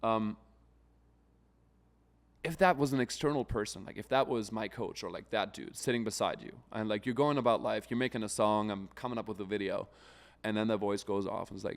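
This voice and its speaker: A man's voice: lowish voice, fairly quick, vocal fry. A man co-hosting a podcast in casual, profane conversation, often acting out other people's voices. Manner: profane, animated, acts out voices. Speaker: podcast co-host.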